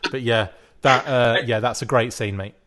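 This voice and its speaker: A man's voice: medium pitch, steady tone, normal speed, fairly bright tone. A man with a mid-range voice hosts a casual podcast chat over a remote mic. He rambles and jokes with his co-hosts and laughs often. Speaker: podcast host.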